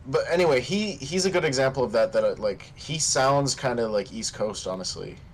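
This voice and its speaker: A man's voice: medium pitch, expressive, fairly quick, a little hiss or hum, poor audio. A man chatting with friends during a game stream, explaining things and laughing along. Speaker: gaming companion. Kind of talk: casual chat while gaming.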